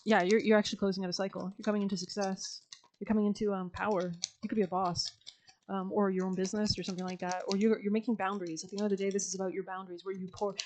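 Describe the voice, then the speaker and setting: Mellow-voiced woman reading tarot casually. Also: medium pitch, flat delivery, very fast, a little hiss or hum. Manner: chatty, slangy, laughs often, many fillers. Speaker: tarot reader.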